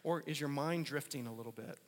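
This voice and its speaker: A man's voice: medium pitch, fairly quick, in a large hall. A man preaching a sermon as a pastor, casual and conversational, repeating phrases for emphasis.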